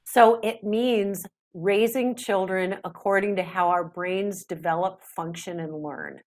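A middle-aged woman, a parenting expert guest on a podcast interview, talking in a chatty, animated way. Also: mid-range voice, a little slow.

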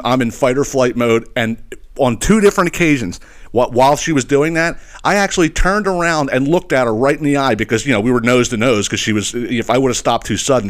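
A man's voice: mid-range voice, a bit bright. Profane, exasperated male podcast host. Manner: profane, exasperated, punctuated with "okay?". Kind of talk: ranting solo storytelling.

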